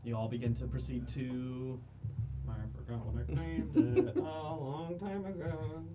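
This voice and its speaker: A man's voice: mid-range voice, measured pace, distant mic, heavy background noise. A man narrating a tabletop game as game master, in a loose, hesitant way with frequent laughter.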